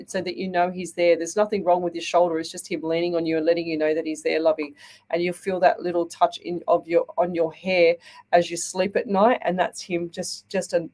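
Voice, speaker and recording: Woman, slightly low voice, chatty live psychic host who reads out viewer comments and pauses often. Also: darkish tone. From Australia. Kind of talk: live-stream psychic readings.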